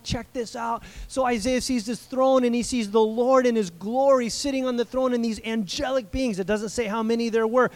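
Male pastor, high voice, lively casual sermon with bursts of shouting. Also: brisk. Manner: energetic, conversational preaching with rising shouts.

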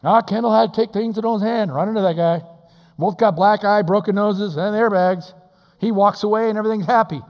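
A male pastor with a high-pitched voice preaches a sermon a little fast in a large church hall, and the recording's highs are cut off. He swings from shouting to hushed, intimate tones, acting out quotes in playful voices.

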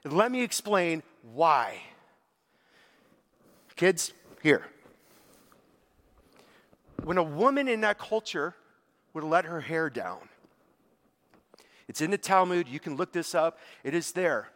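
A man preaching a sermon, telling the story with animated quotes and casual filler words. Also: a little high, takes it slowly, long pauses.

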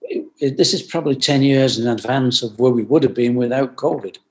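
An older man, a company founder, giving earnest reflective interview answers over a remote video call, often repeating phrases and clearing his throat. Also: mid-range voice, brisk, darkish tone, low-quality recording. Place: at home in France.

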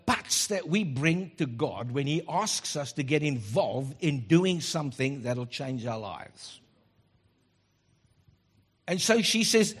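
A middle-aged man delivers a sermon as a pastor, with a high-pitched, husky voice. He preaches in an animated way and drops joking asides. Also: slow pace.

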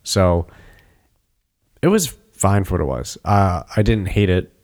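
Low-voiced man rambling about movies. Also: sing-song, measured pace, darkish tone. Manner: rambling, restarts sentences, acts out quotes. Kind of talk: casual movie review chat.

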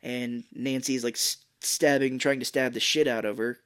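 Her voice is a rumbling low one, clean in tone, fairly even in intonation and at a normal speed. She co-hosts a podcast, chatting casually through a film scene by scene while cursing freely and performing the lines.

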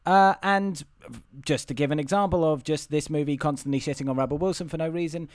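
A man's voice: a little high, fairly quick, dry recording. Guy on a podcast ranting about a movie plot, wry, kinda stumbly, dead dry mic. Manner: wry and opinionated, with frequent restarts. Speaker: podcast co-host. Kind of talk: casual film review chat.

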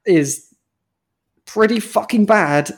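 A man's voice: high-pitched, takes it slowly. A man co-hosting a film review podcast who talks casually, swears often and sounds incredulous. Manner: animated, profane, incredulous.

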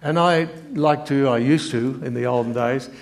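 An older man preaching a sermon, reading scripture in an earnest, halting way with many fillers and restarts. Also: mid-range voice, creaky.

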